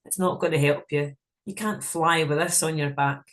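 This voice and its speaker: A woman's voice: deep voice, fairly even intonation, normal speed. A woman leading a guided visualization in a frank, casual way, swearing freely as she talks. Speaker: meditation guide.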